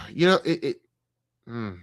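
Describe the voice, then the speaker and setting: A man's voice: medium pitch, expressive, slow pace, dry recording, studio quality. A man streaming a reaction, ranting bluntly and scornfully with heavy swearing. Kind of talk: profane reaction rant.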